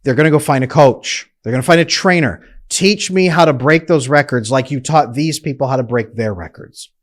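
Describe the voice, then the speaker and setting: A man's voice: medium pitch, moderate pace. A man speaking as a relationship coach in a direct, emphatic, persuasive monologue to his viewers.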